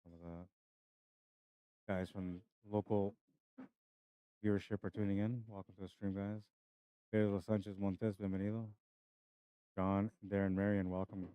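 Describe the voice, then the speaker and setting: A young man with a deep, low voice hosts a casual pool live-stream, chatty and laughing easily as he greets viewers by name. The sound is dry and close, with a slightly dull, muffled stream quality. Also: flat delivery, moderate pace, long pauses, clean tone, dry recording.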